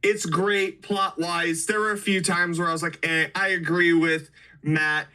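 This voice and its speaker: A man's voice: fairly high pitch, flat delivery, unhurried, sharp tone. A man reviewing horror movies in a crude, joking, riled-up casual chat. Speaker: podcast co-host.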